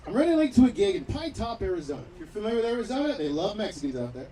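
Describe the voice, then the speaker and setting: High-voiced guy doing raunchy standup outside, mic kinda far off, crowd laughing behind. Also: very animated, rapid-fire. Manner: crude, loud storytelling with acted quotes. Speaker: stand-up comedian. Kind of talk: stand-up set. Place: outdoor backyard patio show. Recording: distant mic, crowd noise.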